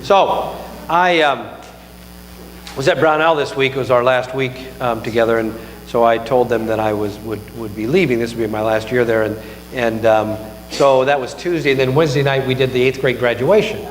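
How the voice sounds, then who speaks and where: At a moderate pace and with fairly even intonation, a mid-range male voice delivers a chatty church sermon on a mic, full of jokes and self-mockery. There is a little hiss or hum, and the hall's echo produces long reverb.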